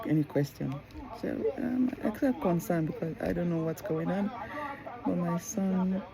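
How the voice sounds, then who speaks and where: A woman with a gravelly, creaky voice talks to camera as a mother telling her own stories. She rambles, restarts and drifts into asides. Loud crowd chatter runs behind her. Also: low voice, poor audio. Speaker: mother and vlogger. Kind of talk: casual monologue to camera.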